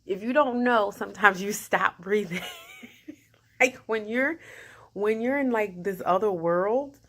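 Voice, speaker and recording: A woman vlogging casually about her day, chatty and animated, often laughing and quoting herself. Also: mid-range voice, a little slow. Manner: chatty, animated, talks to herself in quoted asides; laughs often while talking. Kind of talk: casual personal video diary.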